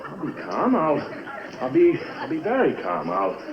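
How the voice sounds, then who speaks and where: An actor playing an exasperated, hard-working husband who sputters and explodes in double-takes in a 1950s sitcom. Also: male voice, on the high side, wildly swooping pitch, measured pace, crowd noise. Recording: roomy, dull 1950s TV soundtrack, audience.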